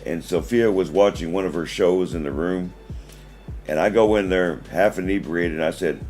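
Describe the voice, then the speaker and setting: A man's voice: sits low, normal speed, darkish tone, faint music behind. A man, hosting a casual livestream and telling a story with many restarts. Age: 40s. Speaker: livestream host.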